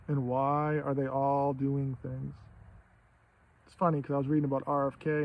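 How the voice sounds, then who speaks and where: Man in his fifties, raspy fry, slightly raised pitch, rambling rant on a muffled, low-fi track. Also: slight background noise. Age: 50s. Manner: profane, rambling, rhetorical questions. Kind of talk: casual ranting monologue. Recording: dull lo-fi sound.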